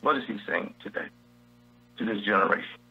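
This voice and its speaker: A man's voice: on the low side, animated, brisk, breathy edge, dull audio. A man teaching from the Bible in a preacherly style on a radio show, repeating his key phrases. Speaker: guest preacher.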